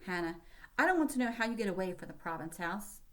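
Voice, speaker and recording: A woman reading aloud, voicing an anxious young maid who speaks gently. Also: medium pitch, animated, quick pace, lightly acted. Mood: worried. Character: worried young maid friend.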